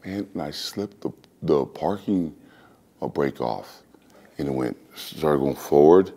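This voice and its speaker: A man being interviewed, telling casual anecdotes in an animated way and acting out voices and sounds. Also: very deep voice, slow pace. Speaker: interview guest.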